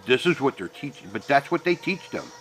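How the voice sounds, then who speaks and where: A middle-aged man delivers a heated, profane rant straight to his viewers. His voice is bright and forward, and he talks bluntly, often swearing for emphasis. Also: mid-range voice, big pitch swings, brisk. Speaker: vlogger. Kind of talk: ranting personal monologue.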